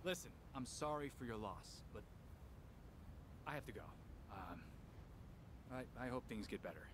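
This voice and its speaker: A man's voice: mid-range voice, animated, normal speed, noisy background, lightly acted. A man playing a casual, dismissive police sergeant in a video game, talking in an offhand, laid-back way. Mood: awkward.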